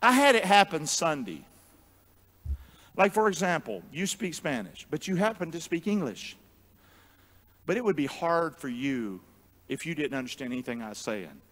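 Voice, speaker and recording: A man pastor preaches in a church sanctuary with a high, ringing, bright voice that trails into a long reverb. He pulls the congregation into call-and-response, swinging between booming shouts and hushed asides. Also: sing-song, moderate pace, pauses often. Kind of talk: sermon.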